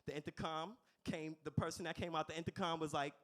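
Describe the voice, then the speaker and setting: A man doing a stand-up comedy set in a club, animated and playful, talking to the crowd through a stage mic. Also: on the high side, fast talker.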